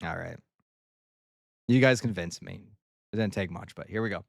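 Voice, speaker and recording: A man's voice: sits low, moderate pace, gravelly, dry recording, studio quality. A man streaming, chatting casually and joking with his viewers, rambling and laughing at himself. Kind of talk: casual livestream chat.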